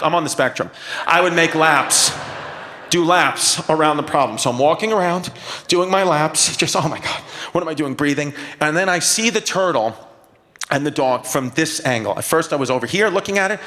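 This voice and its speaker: Animated comedian in a reverberant hall. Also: male voice, a little high. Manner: animated, escalating, acts out voices. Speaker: stand-up comedian. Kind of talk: live stand-up storytelling. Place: concert hall stage. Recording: live in a reverberant concert hall.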